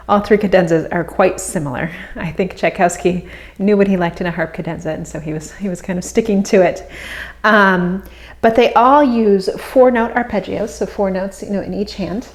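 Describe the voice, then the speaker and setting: A woman harp teacher calmly explaining practice techniques, with soft fillers between phrases. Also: medium pitch. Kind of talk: instructional explanation. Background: harp playing.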